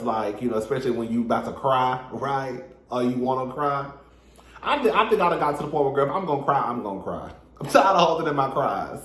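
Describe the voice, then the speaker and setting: A man giving a sassy, animated casual recap of a reality show, talking straight to his viewers. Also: medium pitch, echoey room. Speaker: reality TV reviewer.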